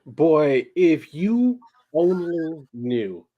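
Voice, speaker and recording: A man's voice: fairly high pitch, big pitch swings, extremely slow, lo-fi sound. Laid-back male co-host. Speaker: podcast co-host. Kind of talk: casual storytelling chat.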